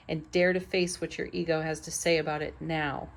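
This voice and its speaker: A woman's voice: low-pitched, flat delivery, normal speed, creaky. A middle-aged woman giving an enthusiastic, affirming spiritual tarot reading. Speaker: tarot reader.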